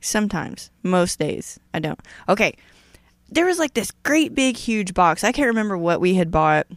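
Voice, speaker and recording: A woman co-hosting a podcast in casual chat, blunt and animated, swearing a lot. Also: medium pitch, moderate pace, dry recording, studio quality. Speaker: podcast co-host.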